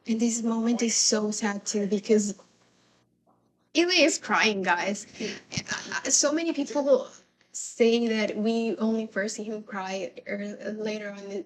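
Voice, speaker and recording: A young woman giving casual reaction commentary on a TV show, excitable and swearing, breaking into laughs. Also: medium pitch. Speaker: show reviewer.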